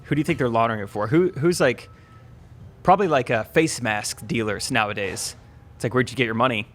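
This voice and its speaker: Young man, podcast co-host, casual joking chat, middle-pitched voice. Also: lively intonation, brisk. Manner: joking, builds wry theories.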